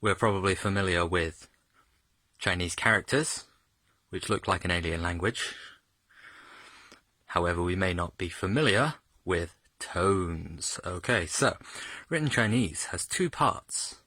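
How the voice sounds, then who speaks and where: A man giving a casual, jokey video lesson as a self-taught learner, stretching his pitch up and down to demonstrate tones. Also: measured pace, pauses often, bright, forceful tone, no room sound. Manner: chatty and jokey, exaggerates tones when demonstrating.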